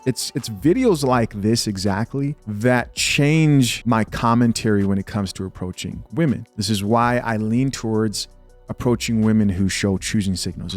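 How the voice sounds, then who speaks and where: A man's voice: on the low side, no room sound. A man hosting a reaction commentary show, talking in a blunt, slangy and incredulous way. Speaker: host.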